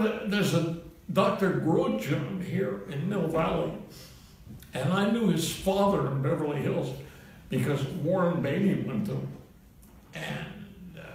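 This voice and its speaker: A man's voice: fairly high pitch, creaky, a little mellow. A man in his eighties, a comedian, telling a rambling string of anecdotes to a live audience and chuckling at his own punchlines. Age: 80s. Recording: roomy, distant mic, faint hiss.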